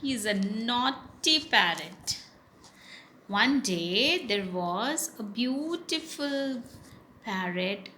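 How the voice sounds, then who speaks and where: Female storyteller for small children: bright, lively, unhurried. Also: fairly high pitch, a little hiss or hum. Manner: animated, with gasps and animal sounds.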